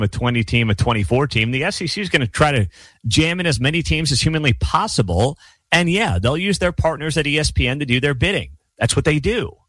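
A man hosting a college football channel, ranting bluntly and sarcastically with lots of energy. His voice sits in a middle pitch. The close recording has almost no room sound. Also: a bit bright, no room sound. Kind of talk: opinionated solo commentary.

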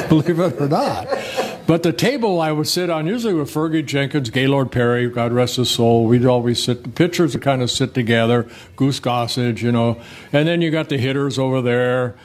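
A man's voice: mid-range voice, fairly quick. An older man, a former ballplayer, telling rambling, self-correcting stories in a casual interview. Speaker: former pitcher, guest.

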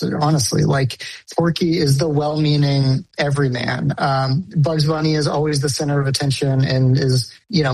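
A man's voice: fairly high pitch, husky, rough recording. A man, a film director, answering an interview enthusiastically and casually with many fillers.

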